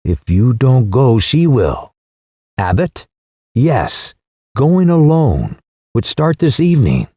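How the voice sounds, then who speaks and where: An imperious widow from a storybook, read by a male narrator, decisive and scolding. The voice stays mellow and swings widely in pitch. The sound is dry and close. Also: very animated, takes it slowly, no room sound. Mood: commanding. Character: imperious elegant English widow, commanding and indignant.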